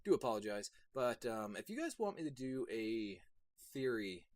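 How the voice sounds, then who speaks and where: A young man reviewing an anime episode on his channel, rambling casually with lots of fillers and bursts of excitement. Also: medium pitch, normal speed, no room sound. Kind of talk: casual solo video review.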